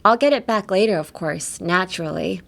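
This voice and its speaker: A woman's voice: medium pitch, lively intonation, very fast, a little mellow, lightly acted. A flustered anime teenage boy explains himself defensively, as a woman reads his lines in her own voice. The delivery is plain, with a slight stammer.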